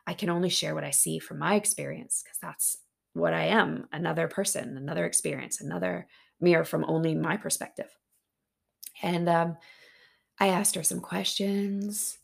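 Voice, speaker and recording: A woman hosting a podcast, talking openly and earnestly in a casual, heartfelt monologue that turns excitable at times. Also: on the low side, normal speed, vocal fry, slightly rough. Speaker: podcast host.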